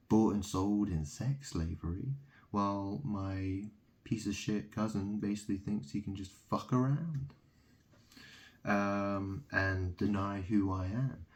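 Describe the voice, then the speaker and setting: A man's voice: low-pitched, a little mellow. A man from England delivering a rambling solo monologue, ranting and mocking, swearing freely.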